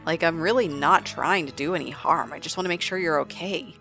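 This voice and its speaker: A woman's voice: on the low side, a little fast, a bit bright, soft background music. A woman voicing a proud, vain middle-aged father in a life-sim game, pleading and defensive with his son.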